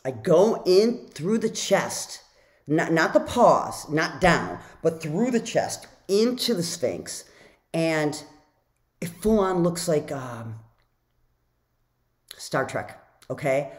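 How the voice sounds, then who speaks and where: A woman author telling a personal story in a casual vlog, chatty and animated, full of "like" fillers and acting out her own reactions. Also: low-pitched, slow pace, pauses often.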